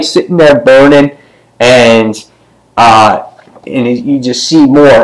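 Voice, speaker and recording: A man giving a casual comic book review, retelling the story in a rambling way with many fillers and sometimes jumping up in pitch to act out a character's line. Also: takes it slowly, poor audio. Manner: briefly acts out characters' lines with pitch jumps.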